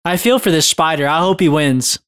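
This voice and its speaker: A man's voice: fairly high pitch, expressive, brisk, fairly bright tone, clean tone, no room sound. Man, casual movie reaction, laid-back, wisecracking, dry close sound.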